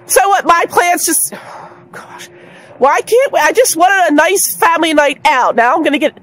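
A woman's voice: very high-pitched, a little slow, a bit bright. A woman playing an exasperated mother in a comedy family skit, calling after her son outdoors.

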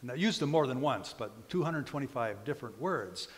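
A male pastor giving a sermon, telling a story in a conversational way and pausing on frequent ums and uhs. His voice sits at a middle pitch and rings out across a church sanctuary with a long reverb. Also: expressive.

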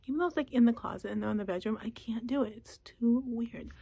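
A young woman vlogging in a casual chat from a closet at home, talking softly and often slipping into a whisper. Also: a little high, quick pace, gravelly, breathy edge. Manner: soft, often drops to a whisper.

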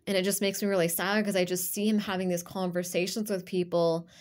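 A woman's voice: fairly low pitch, little pitch movement, fairly quick. A woman giving an intuitive tarot reading to camera, rambling and emotional, with frequent fillers and restarts. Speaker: tarot reader.

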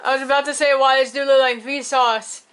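A woman's voice: high voice, level tone, a little fast, music in the background. A young woman hosting a reaction video, rambling with lots of fillers, hiccuping and up late at night. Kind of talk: casual reaction commentary.

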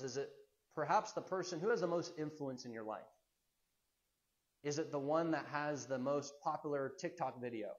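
A man preaching with earnest energy, stacking rhetorical questions and circling back on his words. His voice sits a touch high, and the recording sounds dull and lo-fi. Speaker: pastor. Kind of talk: sermon.

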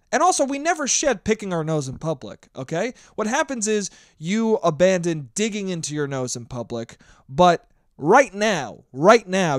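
A young man hosting his own podcast, ranting with lots of swearing and sometimes shouting into a handheld mic. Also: high voice, no room sound, studio quality. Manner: profane, animated ranting; shouting at times. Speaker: podcast host. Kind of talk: solo podcast monologue.

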